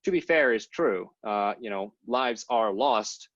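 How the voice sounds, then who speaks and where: A man's voice: on the low side, animated, a little slow, a bit bright, dry recording. A man talking politics on a podcast he co-hosts, rambling and hedging with lots of fillers. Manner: rambling, many fillers and hedges. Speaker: podcast co-host. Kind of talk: casual political discussion. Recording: dull lo-fi sound.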